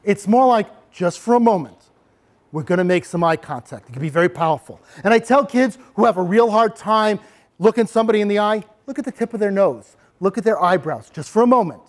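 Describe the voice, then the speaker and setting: A middle-aged man with a high voice presents a workshop to a room of parents. He demonstrates calm, assertive ways of speaking and talks the audience through them step by step. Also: a little fast. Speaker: anti-bullying presenter.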